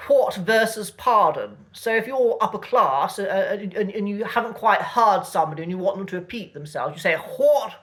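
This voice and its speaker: A man giving a casual spoken lesson as host, unhurried and thinking aloud with frequent pauses and restarts. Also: high voice, fairly bright tone. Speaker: language teacher host.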